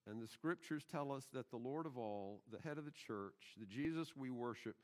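A man's voice: mid-range voice, expressive, moderate pace, darkish tone. A middle-aged pastor preaching a sermon in his church, emphatic and putting rhetorical questions to the congregation. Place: church sanctuary.

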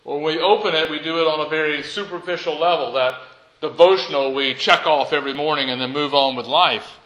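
A man preaching a sermon to his congregation in a lively, conversational way and asking them questions. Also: on the high side, a little fast, rough recording. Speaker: pastor. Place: church.

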